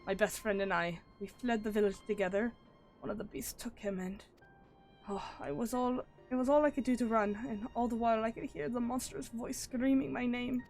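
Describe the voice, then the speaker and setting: A woman's voice: on the high side, fairly even intonation, moderate pace, darkish tone, soft background music, lightly acted. A woman reading aloud the lines of a grieving young villager from a game, with mild emotion. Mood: sorrowful.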